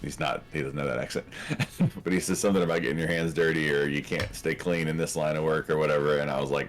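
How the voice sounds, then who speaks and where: A man co-hosting a movie review, chatting casually, laughing often and acting out lines in quick asides. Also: extremely low pitch, steady tone, soft background music.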